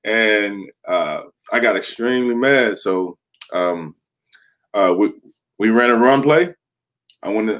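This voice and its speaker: A man with a fairly low voice tells his stories with lots of energy. He is a podcast guest in his thirties, talking candidly about his football days and acting out what his teammates said to him. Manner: animated storyteller, acts out quoted teammates. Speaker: guest, former pro football player. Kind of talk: candid podcast interview, storytelling.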